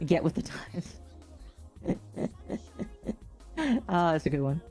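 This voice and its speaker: A woman's voice: low-pitched, steady tone, takes it slowly, darkish tone, faint music behind. A woman streamer chatting casually with her viewers, rambling and often correcting herself. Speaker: gaming streamer. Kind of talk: casual livestream chat.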